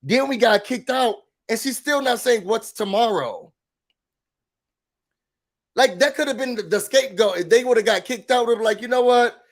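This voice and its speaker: Male recap host, high-pitched, sassy and animated, casual live-chat delivery. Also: moderate pace. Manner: animated, sassy, emphatic opinions. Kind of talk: casual livestream reality-TV recap.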